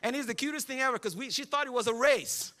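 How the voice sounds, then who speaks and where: A man in his thirties delivers a sermon with a high, bright voice. He preaches like a storyteller, cracking jokes, laughing often and acting out the lines of the people in the story. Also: quick pace. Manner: joking storyteller, acts out quotes. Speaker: pastor.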